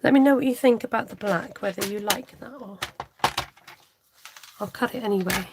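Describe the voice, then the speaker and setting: A woman's voice: medium pitch, moderate pace, noisy background. A woman hosting a live crafting stream, thinking aloud, humming and chatting with viewers.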